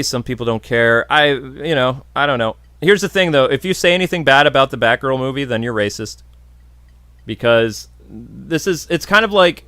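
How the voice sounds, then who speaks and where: A man's voice: mid-range voice, a bit bright, smooth, no echo. A man hosting a podcast, casually answering viewer questions in a blunt, jokey, opinionated way. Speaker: podcast host.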